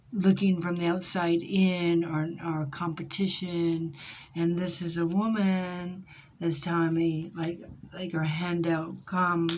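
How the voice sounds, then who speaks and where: Woman tarot reader, low voice, slow and halting delivery, intuitive. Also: darkish tone, slight background noise. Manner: hesitant, searching, many fillers; intuitive, speaks in feelings. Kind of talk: tarot card reading.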